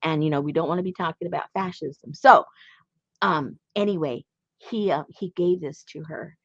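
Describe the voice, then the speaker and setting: A woman's voice: low voice, moderate pace, no room sound, highs cut off. A woman hosting a craft channel, chatting casually and playfully while showing a handmade journal. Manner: playful and chatty, laughs often.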